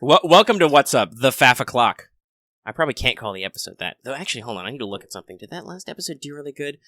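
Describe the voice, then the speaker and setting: A man's voice: mid-range voice, expressive, very fast, pushed and bright, dry recording. A man co-hosting a casual podcast, rambling and joking at length with his friend. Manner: rambling, jokey, talks at length. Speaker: podcast co-host. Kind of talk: casual chat.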